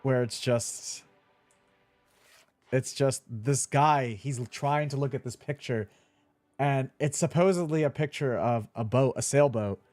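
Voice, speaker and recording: A man's voice: mid-range voice, unhurried, darkish tone, dry recording, faint music behind. A young man chatting casually while playing a video game, laughing easily and swearing now and then. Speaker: streamer. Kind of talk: casual let's-play commentary.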